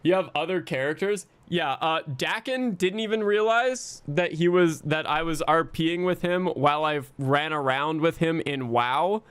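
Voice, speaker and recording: A man's voice: a little high, a little slow, few pauses, fairly bright tone, clear, resonant tone, no echo. A man streaming and chatting casually with his viewers, rambling and self-mocking, swearing often.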